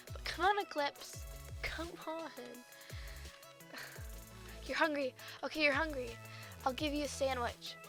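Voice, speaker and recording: Excitable high-voiced young woman gamer. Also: vocal fry. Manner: excitable, gushing. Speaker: gaming YouTuber. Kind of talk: casual gameplay commentary.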